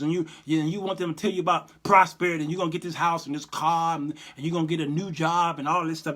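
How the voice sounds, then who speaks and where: A man hosting his own livestream commentary, lively and sermon-like in his delivery. His voice sits fairly high for a man. His talk is folksy and direct. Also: fast talker, few pauses. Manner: animated, preachy, folksy. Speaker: host and Bible teacher.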